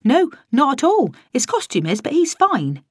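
A woman's voice: sits high, wildly swooping pitch, moderate pace, no echo, studio quality, pitched above the performer's own voice. A woman voicing a breezy male security officer who brushes off concern. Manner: breezy, insisting all is fine.

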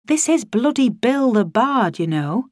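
Woman doing excitable young woman, anxious, pitch leaping high, dry sound. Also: unhurried, dry recording.

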